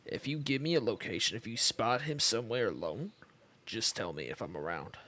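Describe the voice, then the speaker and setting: Roleplayer, man, Kentucky drawl, hesitant, pitch bouncing up and down. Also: brisk. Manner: hesitant, stammering, lively pitch. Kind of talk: in-character roleplay chat.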